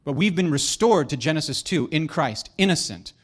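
Animated preacher man, high-ish voice. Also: moderate pace. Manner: animated, emphatic, with joking asides. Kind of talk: sermon.

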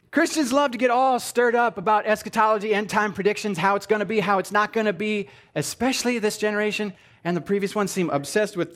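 This is a man preaching to a live crowd and playing it for laughs. His voice sits fairly high, and he swings from loud, sarcastic exclamations to quiet, muttered asides. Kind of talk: comedic sermon talk to a live audience.

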